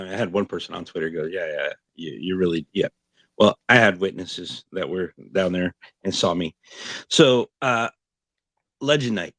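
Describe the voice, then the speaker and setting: A man co-hosting a sports fan podcast, telling a story in a lively way, quoting people and laughing often. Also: deep voice, dry recording. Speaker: podcast co-host. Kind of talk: casual podcast chat.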